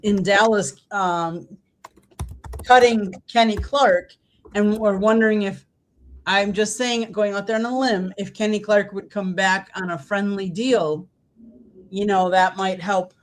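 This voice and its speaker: A co-host on a casual sports talk stream, giving short agreeing replies and quick bursts of opinion. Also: mid-range voice, fairly even intonation.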